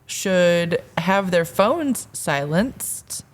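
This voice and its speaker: A woman co-hosting a casual podcast chat, measured, with wry interjections. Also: lowish voice, animated. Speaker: podcast co-host.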